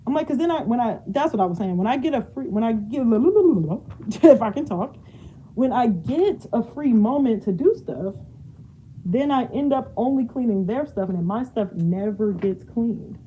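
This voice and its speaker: A woman's voice: fairly high pitch, expressive, moderate pace, mellow, slight background noise, poor audio. A young woman chatting casually while she cleans her home, laughing often and drifting away from the mic as she moves. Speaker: vlogger. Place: home, moving around rooms.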